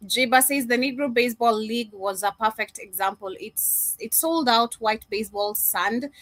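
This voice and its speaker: A woman co-hosting a casual livestream, reading viewer comments aloud with animated asides. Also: fairly high pitch, moderate pace, no echo, poor audio. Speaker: livestream co-host reading chat.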